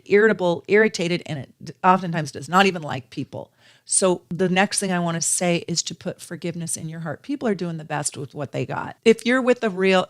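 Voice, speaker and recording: Middle-aged woman astrologer, slightly low voice; earnest, animated advice with repeated phrases. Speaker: astrologer and tarot reader. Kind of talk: casual spiritual advice to viewers.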